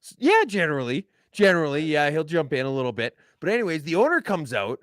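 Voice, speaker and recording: A man co-hosting a podcast, telling a long rambling story in a casual, deadpan joking way. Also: a little high, fast talker, dry recording, clean studio sound. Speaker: podcast co-host.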